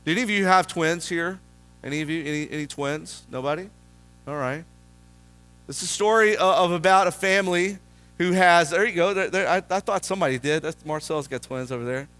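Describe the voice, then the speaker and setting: Male pastor, high bright voice, storytelling sermon in a church, casual and conversational. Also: a little fast, clear, resonant tone, faint music behind. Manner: storytelling, asking the congregation questions.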